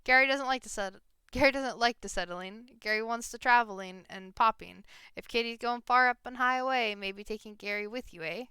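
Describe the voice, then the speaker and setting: A woman voicing a loud, excitable childlike goblin man who talks about himself in the third person in broken speech. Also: fairly high pitch, brisk, hardly any pauses, clear, resonant tone, no echo, clean studio sound. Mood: excited.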